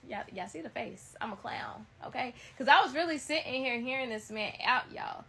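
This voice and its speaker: A young woman telling a story in a casual, blunt, animated way, talking straight to her viewers. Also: on the high side, moderate pace, vocal fry, few pauses, breathy edge.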